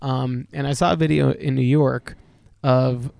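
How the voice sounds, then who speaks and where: A man rambling through a casual podcast chat, stacking up "like" and laughing at himself. His pitch sits in the middle of the range and the recording is dry and close. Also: fairly even intonation, a little slow, creaky, a little mellow, no echo. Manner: rambling, lots of "like", laughs often. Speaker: podcast co-host, musician.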